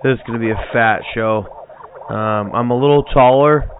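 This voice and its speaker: A man's voice: medium pitch, normal speed, slight background noise. A man hosting a casual interview, asking questions in a joking, mock-formal way. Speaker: host. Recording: tinny phone-like line.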